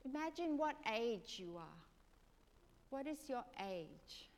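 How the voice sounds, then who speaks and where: A woman preacher leading a congregation through a gentle guided prayer meditation, asking soft questions. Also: on the high side, sing-song, slow. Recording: long reverb of a large hall, faint noise.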